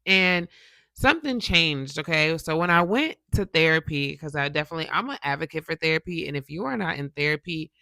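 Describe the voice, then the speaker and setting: A woman gives a casual motivational talk, chatty and animated, often checking in with her listeners. Her voice is bright and forward, with a gravelly fry underneath. The sound is close and dry, with little room in it. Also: sits low, brisk, dry recording. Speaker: motivational YouTuber and podcast host.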